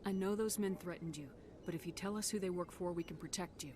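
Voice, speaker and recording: A woman's voice: lowish voice, steady tone, quick pace, natural voice. A woman playing a firm, commanding military leader in a game. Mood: stern. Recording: game audio under noise.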